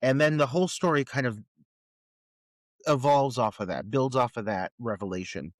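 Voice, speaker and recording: Here the same kind of casual movie review chat continues, with a co-host of a horror podcast tearing into plot holes, swearing and sounding incredulous. His medium-pitched voice moves at a moderate pace without echo.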